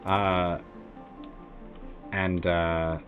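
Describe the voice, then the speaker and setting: A deep, level-toned American streamer speaks very slowly while telling a casual, meandering story full of "like" and "uh." The audio has a thin, phone-like quality, with quiet music playing underneath.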